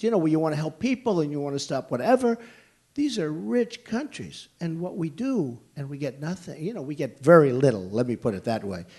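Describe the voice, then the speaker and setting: A man's voice: a little high, a little mellow, breathy edge. Blunt, emphatic older man at a rally. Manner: conversational, rambling asides. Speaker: political candidate. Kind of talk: campaign rally speech answering questions.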